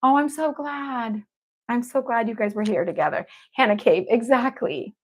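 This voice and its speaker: A woman's voice: fairly high pitch, moderate pace, husky. Effusive woman hosting a livestream. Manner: effusive and upbeat, repeats affection to the audience. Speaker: evidential medium hosting a livestream. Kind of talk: casual livestream chat to viewers.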